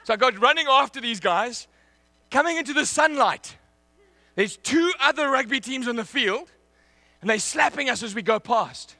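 A man preaching a sermon, telling a personal story in an animated way and laughing often. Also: very high voice, normal speed, no room sound.

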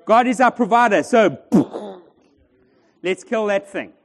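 A man's voice: high voice, expressive, moderate pace. A man preaching a sermon in a church, joking and bantering with the congregation. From South Africa. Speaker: pastor. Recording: long church reverb.

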